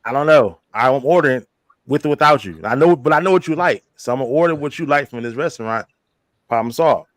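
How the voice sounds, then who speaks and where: A man co-hosting a casual podcast chat, telling a story with animated delivery and acting out quoted lines. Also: medium pitch, quick pace, no echo. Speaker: podcast co-host.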